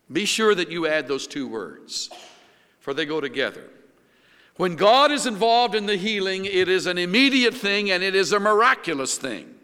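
An older man preaching a sermon, earnest and measured, with frequent restarts and fillers. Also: on the high side, sharp tone, smooth, in a large hall. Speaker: pastor.

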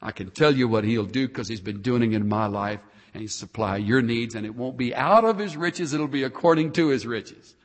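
A man preaching a sermon, swinging between loud, emphatic passages and soft, quiet asides. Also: medium pitch, moderate pace, hardly any pauses, big-room sound.

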